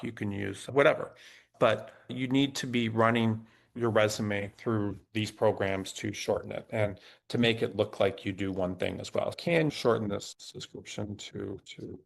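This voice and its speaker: A middle-aged man hosts a resume review webinar, with a low voice full of gravelly fry. He thinks aloud as he works on screen, breaking off and restarting his sentences. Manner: halting, restarts while typing prompts on screen. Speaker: legal recruiter hosting a resume workshop.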